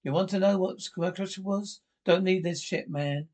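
Man, high voice, exasperated, bickering, sitcom dialogue. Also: normal speed, a little mellow. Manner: bickering, exasperated back-and-forth.

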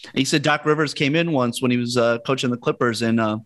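A man's voice: medium pitch, fast, fairly bright tone. A man co-hosting a casual podcast chat, joking and telling anecdotes. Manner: joking storyteller with laughs and backchannels. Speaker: podcast co-host.

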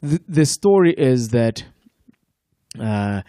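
A man's voice: mid-range voice, slow pace, dry recording, studio quality. South African man in casual podcast chat. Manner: relaxed storyteller, profane, laughs often. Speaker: podcast guest.

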